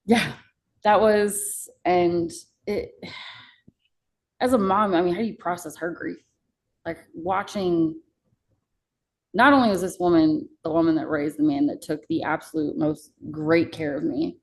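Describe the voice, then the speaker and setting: A young woman with a low, gravelly-edged voice tells a personal story as a podcast guest. She's raw, casual, and candid, swearing freely, while keeping a steady tone and a measured pace. The audio quality is poor.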